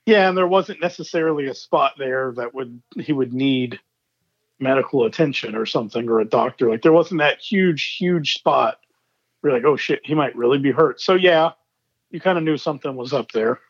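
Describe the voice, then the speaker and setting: A man co-hosting a casual wrestling podcast, relaxed and asking follow-up questions. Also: medium pitch, normal speed, dry recording, dull audio. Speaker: podcast co-host.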